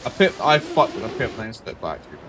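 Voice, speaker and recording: A man, animated and swearing in casual chat as a streamer. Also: fairly quick. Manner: animated, swearing, acts out quotes with sudden high yelps. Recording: noisy background.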